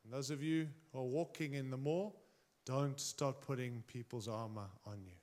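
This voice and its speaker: A man preaching a sermon, speaking emphatically and straight to his congregation, swinging his pitch and volume widely. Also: moderate pace, darkish tone.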